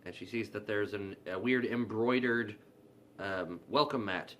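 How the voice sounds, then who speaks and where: A man's voice: on the low side, a little slow, fairly bright tone, a little hiss or hum. A man casually recapping a horror film's plot, loose and profane, acting out the characters' lines as he goes. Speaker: movie reviewer.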